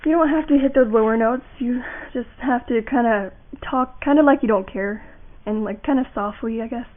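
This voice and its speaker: A young woman with a voice on the high side speaks at normal speed through a tinny, lo-fi home mic. She makes voice acting tutorials, and here she rambles casually through a how-to with fillers and restarts.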